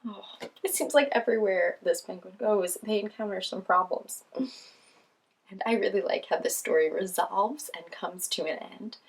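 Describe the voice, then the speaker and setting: A woman's voice: mid-range voice, unhurried, breathy edge. A woman hosting a children's show, reading picture books aloud in a cheerful, sing-song way with frequent laughs.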